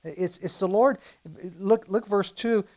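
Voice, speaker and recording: A man preaching a sermon and reading scripture aloud, swinging from loud to soft and firing rhetorical questions at his listeners. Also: high voice, fairly even intonation, slow pace.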